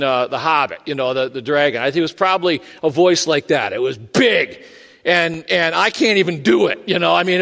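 A male pastor delivers his sermon in a high, lively voice that swings freely up and down as he tells the story. He talks in a chatty way, full of asides and restarts, and his voice carries the long reverb of a large church hall. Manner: conversational and storytelling, with frequent fillers and restarts.

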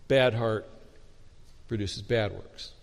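A man preaching a sermon as a pastor, animated and storytelling with humor, often restarting his words. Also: fairly low pitch, takes it slowly, creaky. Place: church sanctuary. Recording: long reverb of a hall.

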